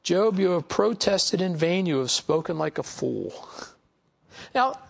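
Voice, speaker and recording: A man's voice: sits high, lively intonation, measured pace, gravelly. A man teaching a Bible study, reading passages aloud and commenting on them in a conversational way, with frequent "you know" asides.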